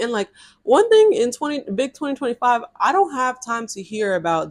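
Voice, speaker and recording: A woman's voice: a little high, moderate pace. Chatty young woman telling a story. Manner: chatty and animated, with heavy use of "like" and reenacted dialogue. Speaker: storytime vlogger. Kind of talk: casual storytelling to camera.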